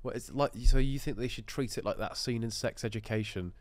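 A man's voice: mid-range voice, a little fast, no room sound. A man co-hosting a podcast in casual comedic chat, wry, teasing and incredulous. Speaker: podcast co-host.

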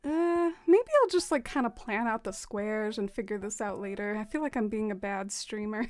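An American woman with a medium-pitched voice talks at normal speed while streaming a game. She chats casually with viewers and reads out their chat messages, giggling often and using plenty of fillers.

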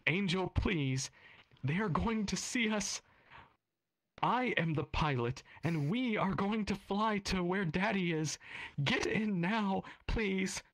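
A man's voice: high-pitched, slow, fairly bright tone, no room sound, voice pushed up, exaggerated voice. Man putting on a desperate pleading mother. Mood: pleading, urgent. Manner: urgent, pleading.

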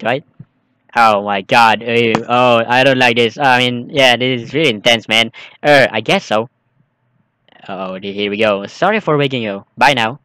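Jumpy bright-voiced man playing a game. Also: mid-range voice, dry recording. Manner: jumpy, exclaiming, nervous chatter. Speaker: gaming streamer. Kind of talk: let's play commentary, reading game text aloud.

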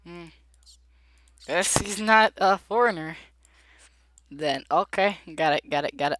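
Chatty and jittery, a woman makes casual gameplay commentary, pleading with the characters and addressing her viewers directly. She's a gameplay video creator with a lowish, fairly bright voice, speaking a little slowly, and there's no room sound.

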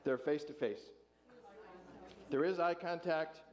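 A man's voice: on the high side, slow pace. A man pastor leading an interactive sermon with volunteers, jovial and chuckling as he asks the congregation questions.

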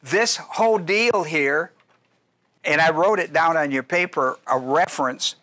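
Bright-voiced male pastor teaching Bible study. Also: a little high, measured pace. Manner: conversational teaching with asides and restarts.

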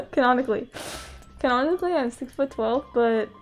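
A woman's voice: high voice, a little slow. A young woman streaming and chatting casually with her viewers, laughing often, from the US West Coast. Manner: giggly, talks to chat, laughs often. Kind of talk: casual live-stream chat. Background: faint background music.

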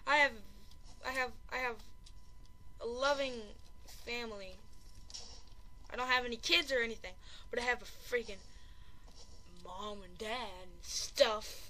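A woman giving live commentary over a video game, excitable and panicky, exclaiming and repeating herself and running herself down as a player. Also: a little high, a little slow, pauses often. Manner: self-deprecating chatter. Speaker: gaming channel host.

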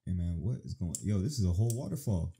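Animated young man reacting to a game. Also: sits low, quick pace, a little hiss or hum. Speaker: gaming streamer. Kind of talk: casual let's-play commentary.

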